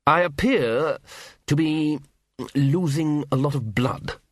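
A man voicing a cool, aloof male aristocratic ruler who speaks in a slow, languid, detached way. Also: fairly high pitch, no room sound, clean studio sound.

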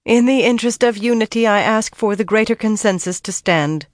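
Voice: mid-range voice, fairly quick, no echo, studio quality, pitched above the performer's own voice, close to an everyday voice. A narrator voicing a nervous woman keeping a council's procedure, speaking formally but unsteadily.

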